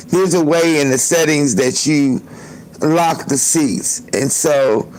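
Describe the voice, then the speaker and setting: Male livestream host, raised pitch, loose and profane, chats to viewers on a phone. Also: slow pace, a little mellow, low-quality recording. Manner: loose, profane, chatty, laughs often. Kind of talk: casual livestream storytelling.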